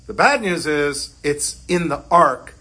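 Male rabbi, animated joking teacher, husky and bright. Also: on the high side, slow. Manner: animated and joking, with Yiddish words. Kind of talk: Torah lesson.

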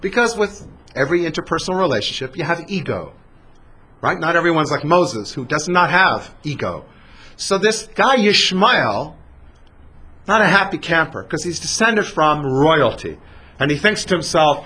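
A man retells a biblical story with lively swings in pitch and casual asides. His voice is husky and forceful and sits somewhat high for a man. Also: normal speed. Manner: animated, conversational asides. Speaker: storyteller teacher.

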